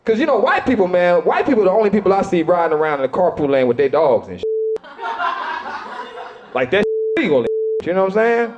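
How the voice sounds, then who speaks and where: A man's voice: high-pitched, big pitch swings, fast talker, long pauses, muffled recording, background noise. A middle-aged man doing a stand-up routine in a loose, conversational way, full of asides to the crowd. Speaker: stand-up comedian.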